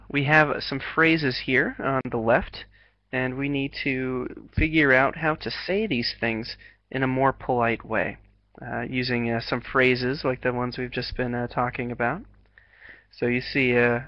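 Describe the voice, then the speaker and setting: A man's voice: mid-range voice, dry recording. American guy teaching english online, dry muffled call sound, lots of uhs. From United States. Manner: encouraging, many fillers and restarts, laughs often. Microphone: video call.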